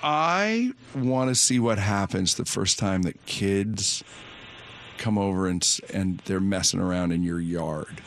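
A man hosting a morning radio show, bantering in a jokey, animated way and acting out other people's voices. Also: sits low, a little slow, a little hiss or hum.

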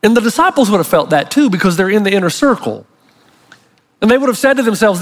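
A male pastor delivering a sermon in an animated, emphatic storytelling manner. His voice sits high for a man. The recording carries a long, ringing hall reverb. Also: brisk.

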